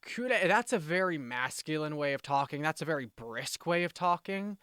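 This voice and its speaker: A man teaching vocabulary in a relaxed, explanatory way, restating points and acting out quick example phrases. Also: on the high side, clean tone, dry recording, studio quality. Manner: explanatory, self-correcting, with brisk demonstrations. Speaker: language teacher. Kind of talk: casual spoken lesson.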